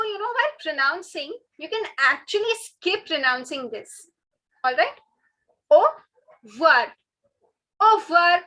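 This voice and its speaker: A woman teaching an online French lesson, patiently repeating each word with drawn-out stress. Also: high voice, bright, forceful tone, low-quality recording. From India.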